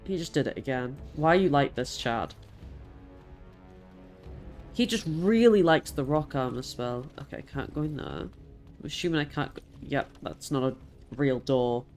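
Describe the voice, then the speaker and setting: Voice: mid-range voice, normal speed, a little mellow, soft background music. A streamer talking through a game, chatty and exasperated, swearing and laughing at it. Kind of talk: live game stream commentary.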